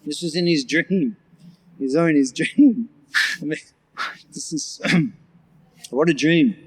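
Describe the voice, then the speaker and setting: A man with a slightly higher voice teaches scripture in a large temple hall, and a long reverb trails after his words. He draws out verse lines slowly and repeats them before he explains them with animated energy. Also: breathy edge. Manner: animated, with occasional laughter. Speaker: scripture lecturer.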